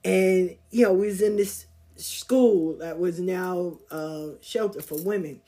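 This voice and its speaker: A woman's voice: mid-range voice, mellow. A woman from the Southern United States hosting a podcast, telling a story and encouraging listeners in a loose, slangy way as she acts out the people she quotes. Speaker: podcast host. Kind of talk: casual storytelling and spiritual encouragement.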